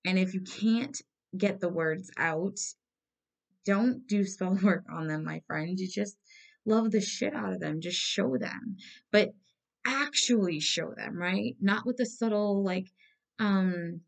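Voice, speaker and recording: Blunt, gravelly-voiced woman giving a tarot reading. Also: mid-range voice, slow. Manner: blunt, swears freely, emphatic repetition. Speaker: tarot reader. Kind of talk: casual spiritual reading to viewers.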